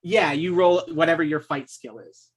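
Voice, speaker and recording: A man's voice: a little high, normal speed, a little hiss or hum. Rambling man running a tabletop game. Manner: rambling, filler-heavy. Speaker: game master.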